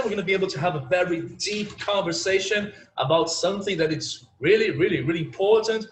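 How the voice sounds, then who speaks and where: A man's voice: high voice, fast talker, hardly any pauses. Chatty male English teacher, echoey room. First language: Portuguese. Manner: chatty, uses "like" and "you know" often. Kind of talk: online English class. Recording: echoey room with faint ambience.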